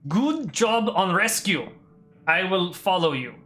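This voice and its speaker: A game master voicing a refined, haughty young male prince who speaks slow, broken common. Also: mid-range voice, big pitch swings, a bit bright, faint music behind, pitched above the performer's own voice. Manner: halting broken grammar, formal and slow.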